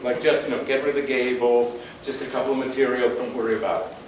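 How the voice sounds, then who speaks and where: A man's voice: mid-range voice, fairly even intonation, fast talker. Man lecturing in a very echoey hall. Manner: emphatic and conversational, with blunt asides. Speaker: guest lecturer on urban planning. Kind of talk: conference presentation with slides. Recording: very echoey room, distant mic, faint noise.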